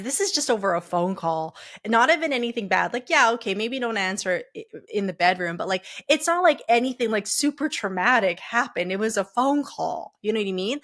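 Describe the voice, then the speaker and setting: A woman's voice: medium pitch, a bit bright. A woman podcast host and coach telling a personal story in a candid, chatty way, full of fillers and restarts.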